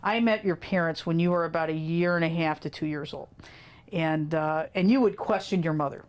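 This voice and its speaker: A woman with a somewhat low-pitched voice recalls family memories in an interview. She tells her stories animatedly, laughing often and mimicking the children she describes. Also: fairly quick. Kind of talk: casual storytelling in an interview.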